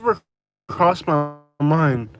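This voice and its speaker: A man's voice: fairly high pitch, slow. A man from Florida chatting casually on a live stream while driving, rambling with lots of fillers. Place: in a car.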